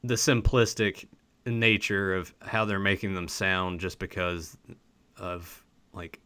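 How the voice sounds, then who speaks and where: A man with a slight Southern US accent, co-hosting a podcast in casual, animated chat. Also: deep voice, takes it slowly, no echo. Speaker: podcast co-host.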